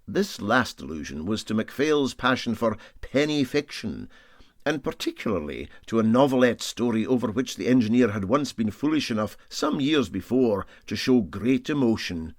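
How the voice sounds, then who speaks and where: A man reading a story aloud in a measured, expressive way. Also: medium pitch, no room sound, studio quality. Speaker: audiobook reader. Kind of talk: storybook narration.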